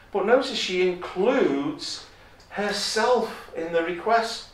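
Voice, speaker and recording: Male preacher, emphatic and repetitive, slightly high voice, distant mic in a roomy chapel. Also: sing-song, measured pace. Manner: emphatic, repeats key phrases, quotes scripture in a raised voice. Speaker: visiting preacher. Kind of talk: sermon. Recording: echoey chapel, from far off.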